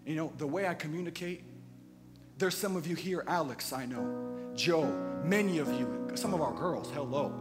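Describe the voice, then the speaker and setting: Brief: male preacher, chatty sermon with faint music underneath, quiet confiding asides that build into big emphatic punches. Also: on the high side, normal speed. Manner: conversational, swinging from quiet asides to loud emphatic bursts. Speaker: pastor. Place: church sanctuary. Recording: long church reverb with faint music.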